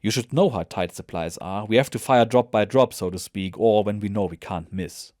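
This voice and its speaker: A seasoned soldier, calm and lightly mocking, who talks in a matter-of-fact way, with a man doing the voice. The voice is low-pitched and dry, close to the mic. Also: moderate pace, no echo, natural voice. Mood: wry.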